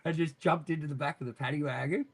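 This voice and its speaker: A man's voice: on the high side, fast, husky. An Australian man, a podcast guest telling a long story in casual, rambling fashion, full of swearing and frequent laughter. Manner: profane, rambling, laughs often.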